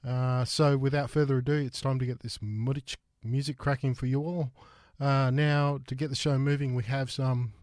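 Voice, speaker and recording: An Australian man hosts a music show from a radio studio, sounding a bit out of breath. He talks in a halting way with plenty of filler sounds. His voice sits at an ordinary middle pitch, and the studio mic is close and dry. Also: level tone, a little mellow, no room sound. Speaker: radio host.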